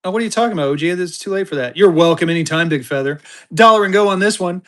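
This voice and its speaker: Excited man running a live auction. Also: sits high, rapid-fire. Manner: excited, chatty, talks straight to viewers. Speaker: livestream seller. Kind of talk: live auction stream chat.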